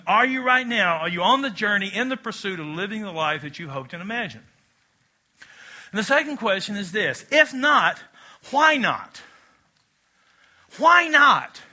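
A man's voice: high-pitched, pushed and bright. A man preaching a sermon in a church, talking conversationally and drawing the congregation into call-and-response. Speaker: pastor. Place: church auditorium.

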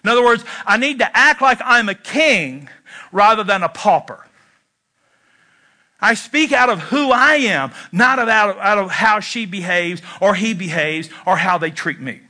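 A middle-aged man delivers a sermon in a loose, conversational way, joking at his own expense. His voice sits high and sounds very bright and ringing. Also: lively intonation, measured pace. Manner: conversational preaching with self-deprecating humor. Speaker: pastor.

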